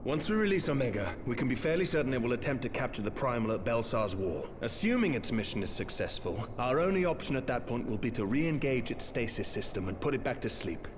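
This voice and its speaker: An actor playing a cautious male scholar in a game cutscene, explaining deliberately. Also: mid-range voice, sing-song, lightly acted. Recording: noisy game audio.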